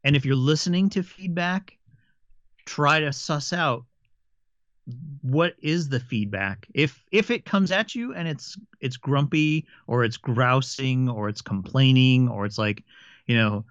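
A man's voice: mid-range voice, a little slow, dry recording. A man, a game master and podcast co-host, chatting casually and telling stories with frequent restarts and stammers. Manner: stammers and restarts often, animated storytelling. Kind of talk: casual chat. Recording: dry, slightly dull lo-fi sound.

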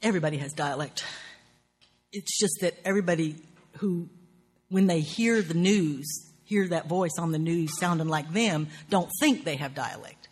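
Southern us accent, husky, writing teacher, lecture, earthy and profane, wry. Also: mid-range voice, normal speed.

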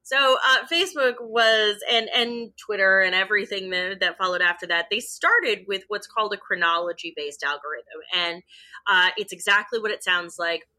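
A woman in her thirties co-hosting a casual chat show, talking in an animated, jokey way with lots of asides. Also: medium pitch, moderate pace. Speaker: podcast co-host.

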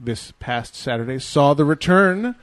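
A man's voice: on the high side, lively intonation, unhurried, no echo. A man hosting a casual podcast, wrapping up the episode with playful, laughing, mock-grand announcements. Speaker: podcast host.

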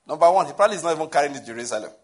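A Nigerian pastor preaching a sermon in a conversational, humorous way, often asking the listeners questions. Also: male voice, a little high, animated, very fast.

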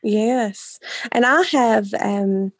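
Gravelly-voiced Appalachian woman guest. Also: a little high, drawn-out words, no echo, studio quality. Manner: soft-spoken, laughs often. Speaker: podcast guest, herbalist. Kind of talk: casual interview chat.

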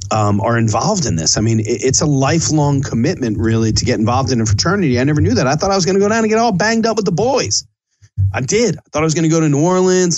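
A man's voice: medium pitch, dry recording. A middle-aged man, a chef, hosting a casual podcast in a loose, rambling, chatty way.

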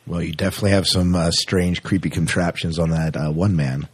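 A man hosting a science fiction podcast, asking questions and reacting with eager exclamations. His voice is very deep and a bit husky, recorded dry and close. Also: steady tone, no echo. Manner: enthusiastic, quick laughs and exclamations. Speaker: podcast host. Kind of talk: interviewing guests.

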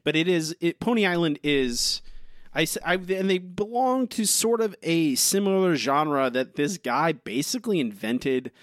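A man's voice: fairly high pitch, animated, measured pace, no echo, studio quality. A young man co-hosting a podcast, chatting casually and earnestly, often stopping and restarting his sentences. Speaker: podcast co-host. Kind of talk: casual chat.

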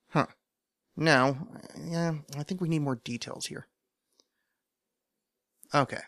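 A man's voice: fairly high pitch, slow pace, long pauses, fairly bright tone, no echo, clean studio sound. A man hosting a solo podcast, chatting casually in a rambling, self-mocking way with lots of fillers. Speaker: podcast host.

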